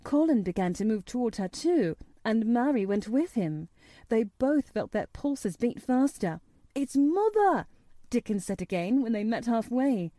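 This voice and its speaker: A woman reading aloud, voicing a cheerful, simple country boy with a who sings a hymn high and slow. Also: animated, warm tone, no echo, clean studio sound, close to an everyday voice. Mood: excited.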